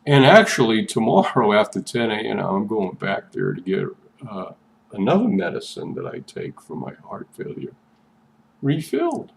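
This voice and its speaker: Older man with a gravelly low voice. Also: very animated, normal speed, a little hiss or hum. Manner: chatty, meandering, repeats himself. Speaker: vlogger. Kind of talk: rambling personal vlog.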